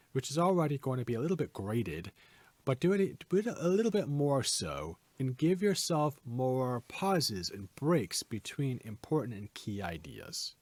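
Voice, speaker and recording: A man hosting a podcast lesson, giving presentation tips in a clear, emphatic, teacherly way. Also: medium pitch, a little mellow, no echo.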